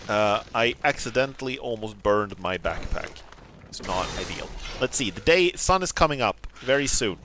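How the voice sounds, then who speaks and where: A man streaming a video game, commenting casually, excitable, swearing and laughing often. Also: fairly low pitch, normal speed, slight background noise. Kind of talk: let's play commentary.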